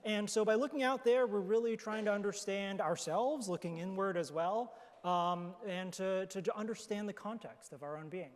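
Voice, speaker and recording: A man's voice: high-pitched, moderate pace, hardly any pauses. A man, an astrobiologist on a conference panel, explaining his ideas thoughtfully with fillers and restarts. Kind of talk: panel discussion answers. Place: conference hall. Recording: hall reverb from a conference stage.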